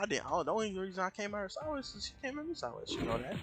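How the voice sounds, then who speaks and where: A young American man streaming, casually retelling a story in a rambling, animated way and repeating himself. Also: sits high, racing, few pauses. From United States. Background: music.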